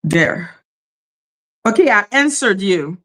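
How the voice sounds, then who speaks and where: A woman's voice: mid-range voice, lively intonation, takes it slowly, fairly bright tone. A woman hosting a casual livestream, chatting loosely, exclaiming and greeting viewers by name. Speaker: livestream commentary host.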